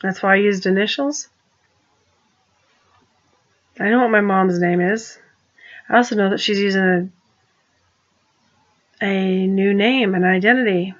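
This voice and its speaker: A woman's voice: mid-range voice, moderate pace, long pauses, highs cut off. A woman talking in a rambling personal monologue, restarting her sentences and turning pointed and accusing. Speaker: vlogger.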